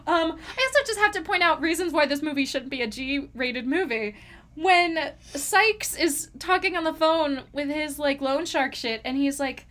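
A woman's voice: high voice, lively intonation, normal speed, a bit bright. A woman co-hosting a casual podcast chat, giggly and gushing as she quotes lines. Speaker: podcast co-host.

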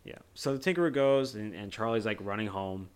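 Male podcast co-host, lower register, loose joking delivery that restarts itself often. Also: brisk, clean tone. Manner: joking, loose, swears casually; rambling with many restarts. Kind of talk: casual movie discussion.

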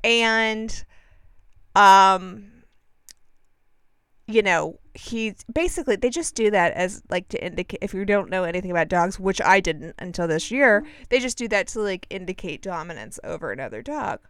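A young woman rambles through a story for her listeners, full of fillers, asides and self-corrections. Her voice is smooth and clear, with lively jumps in pitch. The recording is dry and close. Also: moderate pace, no room sound. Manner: chatty, animated, acts out quoted dialogue, frequent fillers and self-corrections.

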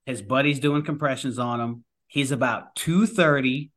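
A man's voice: medium pitch, normal speed, a bit bright. A man, a firefighter guest, talking casually in a rambling way with many restarts. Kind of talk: casual conversation.

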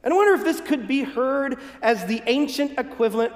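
A man from the northern United States preaching a conversational, gently humorous sermon in a church sanctuary. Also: extremely high pitch, animated, fairly quick. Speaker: pastor. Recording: echoey hall with long reverb.

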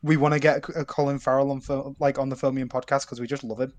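A man co-hosting a casual film podcast, talking in an animated, joking way. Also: medium pitch, fast. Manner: animated, joking, quotes actors' lines. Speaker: podcast co-host.

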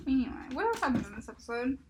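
A woman's voice: sits high, very animated, racing, slight background noise. A woman co-hosting a podcast, casually recapping a story with lots of fillers. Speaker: podcast co-host. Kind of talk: casual chat.

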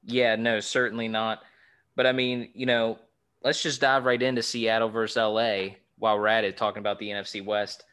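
A man's voice: fairly low pitch, level tone, a little fast, a bit bright, smooth. A man co-hosting a sports podcast, chatting casually about football and rattling off game stats. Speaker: podcast co-host.

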